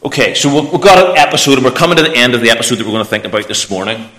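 A man preaching a lively children's talk in church, asking the children questions. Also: medium pitch, racing. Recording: echoey church room.

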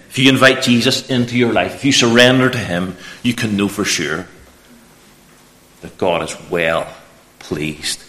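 A man preaching a lively children's talk in church, asking the children questions. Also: lowish voice. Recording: echoey church room.

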